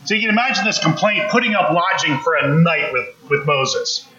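Guy preaching in an echoey church room, bright tense voice, kinda chatty. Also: on the high side, expressive, moderate pace, dull audio. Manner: conversational, acts out quotes, asks the congregation questions. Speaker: pastor. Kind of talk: sermon.

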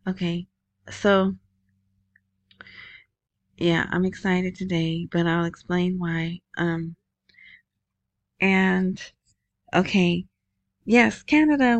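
A slow-talking woman hosts her own podcast from home, chatting loosely, apologizing and getting excited as she goes. The sound is dry and a little dull, like a lo-fi home recording. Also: lowish voice, no echo. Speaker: podcast host. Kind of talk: casual solo podcast talk.

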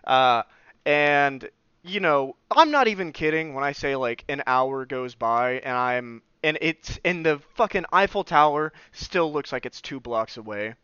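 A man's voice: on the high side, animated, a little slow, pushed and bright, clean tone, dry recording. A young man telling a personal story on his podcast, swearing freely and acting out the voices of people he quotes. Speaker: podcast host. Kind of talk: casual storytelling. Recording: slightly dull lo-fi sound.

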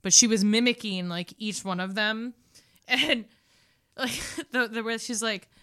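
Casting: female podcast co-host, lively storyteller, bright forward tone. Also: on the high side, unhurried, clear, resonant tone. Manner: animated storyteller, laughs often and mimics voices. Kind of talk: casual chat.

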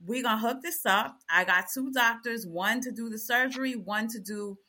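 A middle-aged woman talks candidly on a panel with a bright, forceful voice pitched a little high. She tells her story bluntly and animatedly, swearing freely as she goes. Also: normal speed.

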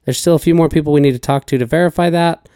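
A man co-hosting a casual podcast, easygoing and quick to laugh. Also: on the high side, mellow, smooth, dry recording, clean studio sound. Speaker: podcast co-host.

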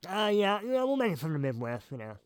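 Laid-back man with a slightly higher voice. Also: sing-song, fast, smooth, dry recording. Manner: laid-back, trails off with fillers. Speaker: podcast co-host. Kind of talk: casual chat.

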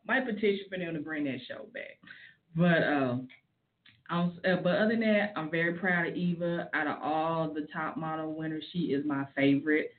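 Chatty woman on tinny lo-fi audio. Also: on the low side. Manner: chatty, opinionated, with frank asides. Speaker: celebrity gossip commentator. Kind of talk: casual celebrity gossip commentary.

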